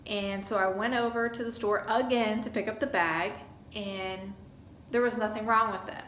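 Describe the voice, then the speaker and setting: Woman vlogger, lively casual storytelling, mid pitch, roomy echo. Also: measured pace, long pauses, a little hiss or hum. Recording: echoey room with faint ambience.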